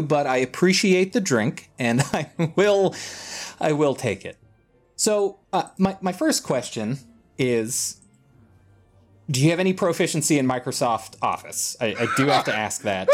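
Captain Calvin, a brisk starship captain, as a man puts her on. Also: on the high side, lively intonation, soft background music. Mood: businesslike. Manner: impatient, dry and businesslike.

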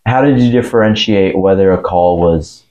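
Low-voiced Southern man asking questions. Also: normal speed, darkish tone, muffled recording. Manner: curious, short prompting questions. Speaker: podcast host. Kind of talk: casual interview.

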